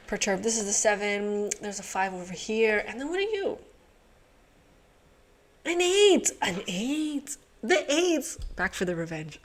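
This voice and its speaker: A woman's voice: mid-range voice, big pitch swings, unhurried. Woman muttering through a puzzle. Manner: mutters to herself, swears, laughs often. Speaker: puzzle channel host. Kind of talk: casual think-aloud puzzle solving.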